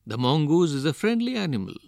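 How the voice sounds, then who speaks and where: A man's voice: fairly high pitch, big pitch swings, quick pace, gravelly, darkish tone, dry recording, clean studio sound, pitched above the performer's own voice. A man voicing a kindly village farmer in a read-aloud folk tale, speaking in a reassuring tone.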